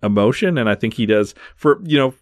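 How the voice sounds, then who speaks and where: A man's voice: mid-range voice, expressive, a little fast, no echo. A man hosting a podcast, talking through a movie scene by scene in a casual way with lots of fillers. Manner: recaps scenes in detail, many fillers. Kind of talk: casual film discussion.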